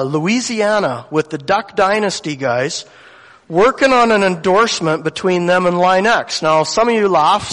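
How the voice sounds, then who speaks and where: A man's voice: a little high, a bit bright. A man telling a faith story to a gathering, acting out the voices of the people in it. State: tearful at moments. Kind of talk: storytelling sermon. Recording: long hall reverb.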